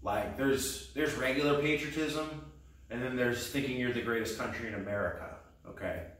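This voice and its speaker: Meandering self-deprecating comedian, echoey room. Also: male voice, mid-range voice, moderate pace, fairly bright tone, distant mic. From Texas. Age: 30s. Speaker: stand-up comedian. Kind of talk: rambling stand-up practice set.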